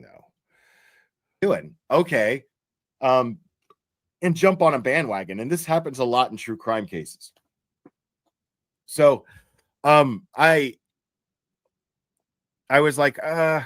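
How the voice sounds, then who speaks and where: A man's voice: mid-range voice, fairly bright tone, no echo, studio quality. A man, choked up and tearful as he talks on a true crime livestream, stumbling over his words and swearing freely. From Tennessee. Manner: halting, repeats words, swears often. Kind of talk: emotional livestream talk.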